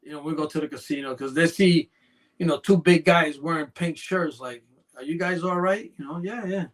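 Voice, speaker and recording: This podcast guest, a snake breeder, talks at a moderate pace in a fairly high voice. He rambles through casual anecdotes, with "you know" turning up over and over.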